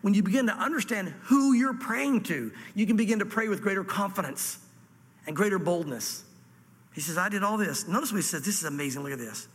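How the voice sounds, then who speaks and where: A high, bright male voice preaching a sermon with long hall reverb. He is animated and reads scripture dramatically, sometimes dropping to a hushed aside. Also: fairly quick, breathy edge. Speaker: pastor. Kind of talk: expository sermon.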